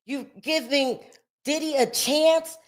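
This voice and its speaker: A woman hosting a casual live stream from home, upset and shaky, rambling between loud outbursts and sighing murmurs. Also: sits high, takes it slowly.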